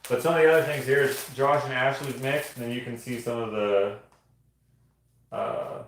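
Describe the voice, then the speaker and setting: A man's voice: medium pitch, animated, normal speed. A man casually chatting on a stream as he shows his artwork, rambling and joking. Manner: rambling, jokey, laughs often. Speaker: artist streaming show-and-tell. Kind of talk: casual livestream chat. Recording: very echoey room.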